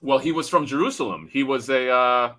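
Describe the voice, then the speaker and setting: A man's voice: medium pitch, a little fast, sharp tone. A man from Florida co-hosting a podcast, talking in an emphatic, profane, casual way. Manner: emphatic, swears a lot. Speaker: podcast co-host. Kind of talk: casual chat.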